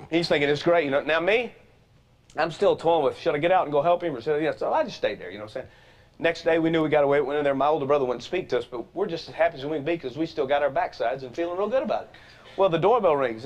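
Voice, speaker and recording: A man hosting a talk show, telling a story in a lively, folksy way and acting out the quotes in different voices. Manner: animated, folksy, acts out quotes with shifting pitch. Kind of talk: energetic storytelling monologue. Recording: dull lo-fi TV sound.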